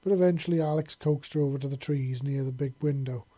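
A man narrating a story chapter in a steady, earnest reading voice. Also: medium pitch, fast. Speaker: audiobook narrator.

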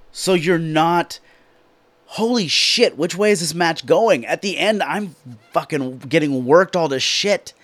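Man, slightly high voice, dry close sound, profane and excitable wrestling recapper. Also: no echo. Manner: excitable, profane, animated storytelling. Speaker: wrestling commentator reviewing a show.

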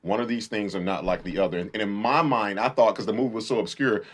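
A man's voice: fairly low pitch, slightly rough. A man co-hosting a podcast, casually talking about a film and acting out the lines he quotes. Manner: fast, animated retelling with acted-out quotes and swearing. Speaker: podcast co-host.

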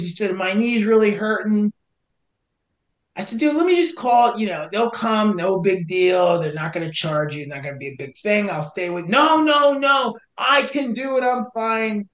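A man's voice: sits high, normal speed, roomy sound. A young man casually telling a hiking rescue story, acting out both sides of the conversation. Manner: animated, acts out both sides of dialogue. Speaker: podcast guest, search and rescue hiker.

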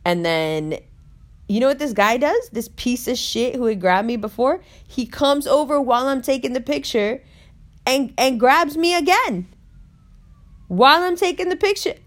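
A woman telling a story in casual chat, animated and full of swearing. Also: high-pitched, normal speed.

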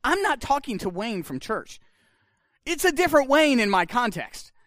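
A man's voice: extremely high pitch, big pitch swings, moderate pace, fairly bright tone, no room sound, studio quality. A man, preaching a sermon in a conversational storytelling way, acting out the dialogue he quotes. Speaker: pastor.

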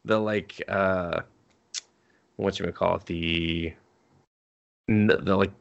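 A man's voice: low-pitched, vocal fry, muffled recording. Rambling, profane man recapping a film. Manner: rambling, profane and animated, acting out characters in quick asides. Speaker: podcast co-host. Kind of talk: casual chat recapping an anime film.

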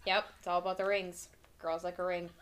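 A woman's voice: on the low side, level tone, fairly quick, noisy background. A young woman co-hosting a podcast, chatting casually and laughing often while watching a movie with friends. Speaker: podcast co-host. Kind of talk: casual watch-along chat.

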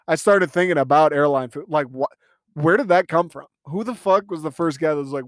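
A young man talks into a close mic in a dry, dead room, ranting in a casual solo podcast. His voice sits a bit high, and he swears freely and rambles with open disbelief. Laughter keeps breaking through his talk. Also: brisk, no echo. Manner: profane, incredulous, rambling, laughs often. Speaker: podcast host.

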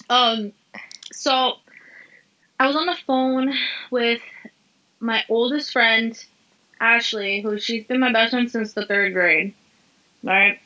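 A woman's voice: on the high side, steady tone, slow pace, long pauses, bright, forceful tone, lo-fi sound. A young woman casually telling a personal story, candid and swearing freely. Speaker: podcast guest.

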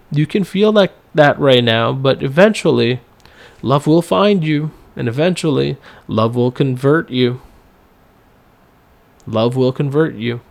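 A man's voice: mid-range voice, creaky. A man hosting a solo podcast, talking casually in a rambling way with many fillers and some swearing. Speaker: podcast host.

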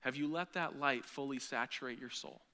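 A man preaching a sermon as a pastor, earnest and building to loud, emphatic peaks. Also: mid-range voice, normal speed. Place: church sanctuary. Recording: long hall reverb.

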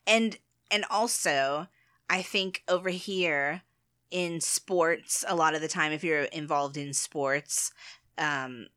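A woman's voice: low-pitched, takes it slowly, bright, forceful tone, smooth. A woman co-hosting a podcast, chatting casually, laughing often and restarting her sentences. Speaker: podcast co-host. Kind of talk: casual chat.

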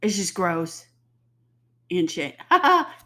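A woman's voice: lowish voice, sing-song, drawn-out words, sharp tone, slight background noise. A woman in her fifties with a stuffy nose and sore throat, ranting bluntly and profanely to the camera. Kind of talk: casual rant to camera.

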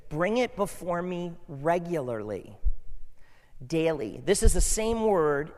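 A man's voice: a little high, big pitch swings, takes it slowly, a little mellow. Preaching man in a reverberant church. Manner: conversational preaching, asks the congregation questions. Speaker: pastor. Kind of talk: sermon. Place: church sanctuary. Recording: long hall reverb.

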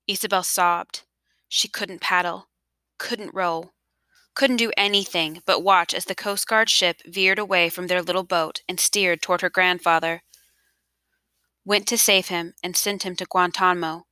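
A woman narrating an audiobook in a measured, expressive storytelling manner, close-miked in a quiet studio. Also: on the low side, clean tone, no room sound. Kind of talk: scripted narration.

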